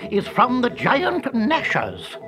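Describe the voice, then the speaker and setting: Kindly bespectacled old dragon, calm and explaining, lively in pitch, read by a narrator. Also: slow, music in the background. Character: wise old male dragon with spectacles.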